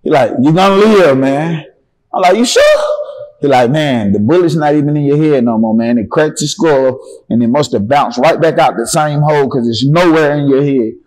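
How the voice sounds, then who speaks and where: A man's voice: medium pitch, brisk. A young man from Atlanta with a Southern accent, a guest in a casual interview, telling his story with lots of swearing and acting out the other people's lines. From Atlanta, Georgia. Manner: animated, profane storytelling with acted-out dialogue.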